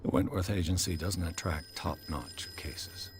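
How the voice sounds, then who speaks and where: A tired 1920s private eye in a video game. His voice is extremely deep and his replies are short and world-weary. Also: unhurried, a little hiss or hum. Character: weary, terse 1920s private investigator, war veteran.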